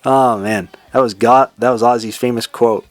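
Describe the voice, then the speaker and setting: A man with a Boston accent hosting a solo classic rock show, talking with excitement and now and then singing bits of lyrics. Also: medium pitch, normal speed, no room sound. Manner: enthusiastic, sings lyrics and imitates singers. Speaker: podcast host. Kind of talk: casual solo music commentary.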